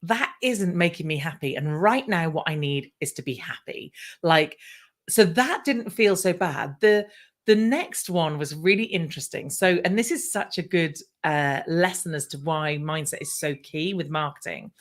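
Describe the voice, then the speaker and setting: A woman's voice: deep voice, moderate pace. A middle-aged woman from the UK with a British accent, a podcast guest telling her own story casually and acting out past conversations. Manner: animated, acts out her own past dialogue.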